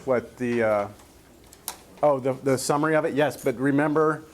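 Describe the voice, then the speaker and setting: A man's voice: mid-range voice, normal speed. A man teaching a math class, explaining each step and checking in with the students. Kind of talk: classroom lecture.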